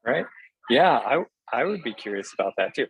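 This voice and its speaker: A man's voice: medium pitch, sing-song, moderate pace, a bit bright, slightly rough, poor audio. A man being interviewed as a film director, talking in an earnest, enthusiastic way that often halts on fillers. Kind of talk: casual interview answers.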